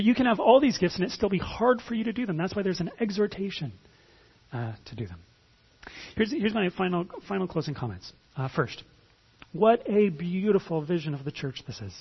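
A man preaches in a relaxed, conversational way, often stumbling over repeated words as he begins a thought. His voice sits high for a man and sounds very husky. The recording is dull and lo-fi. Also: a little fast. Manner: conversational, repeats words when starting phrases. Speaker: pastor. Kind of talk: sermon.

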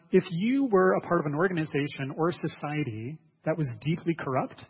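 A man's voice: fairly high pitch, husky. A man preaching a sermon as a pastor, earnest, often repeating words and asking listeners questions. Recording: dull sound with long hall reverb.

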